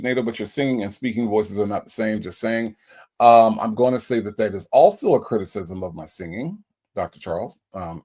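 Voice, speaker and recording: A man's voice: lowish voice, darkish tone, breathy edge. A man hosting a casual livestream, reading viewer comments aloud and answering them with playful mock offense. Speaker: livestream host.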